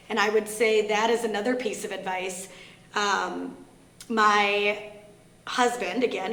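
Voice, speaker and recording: A woman's voice: medium pitch, a bit bright. A woman with a Minnesota accent, speaking to a library audience in a candid, earnest way, sharing a personal story. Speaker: guest speaker on grief. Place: library meeting room. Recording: echoey room with faint hum.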